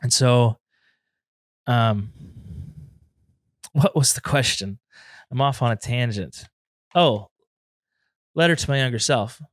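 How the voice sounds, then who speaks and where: A man's voice: mid-range voice, slow pace, pauses often, no room sound, studio quality. A man hosting a comedy podcast alone in his apartment, rambling and self-deprecating, turning emotional now and then. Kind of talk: improvised comedy podcast monologue.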